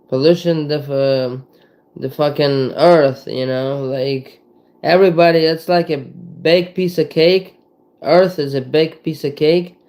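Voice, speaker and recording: A man vlogging in a casual monologue, halting and rambling, searching for words with many fillers and restarts. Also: medium pitch, a little mellow, poor audio.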